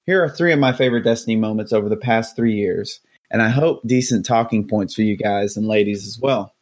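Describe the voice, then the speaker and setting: A man's voice: lowish voice, a little fast, lightly acted. A man reading a listener's letter aloud in a put-on salty Boston Southie accent. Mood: chatty. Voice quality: exaggerated salty Southie drawl. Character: listener writing in, read aloud, adult man.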